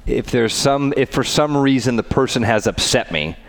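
A man with a mid-range voice tells a story in casual chat at a moderate pace. He's animated and acts out the voices of the people he quotes.

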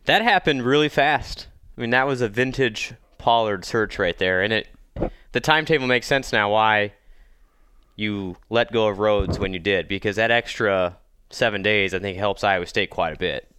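Stuffy-nosed man with a bright voice. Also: on the low side, clean tone, dry recording, clean studio sound. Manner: halting, repeats words when starting a thought. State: congested from a cold. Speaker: podcast co-host. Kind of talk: casual sports chat.

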